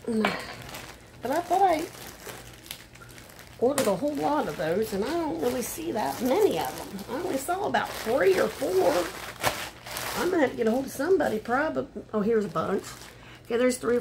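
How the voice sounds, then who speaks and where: A woman's voice: high voice, big pitch swings, moderate pace, background noise. An older woman chatting casually at home while she unboxes a shopping haul, muttering asides and getting frustrated. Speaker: haul vlogger. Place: home room.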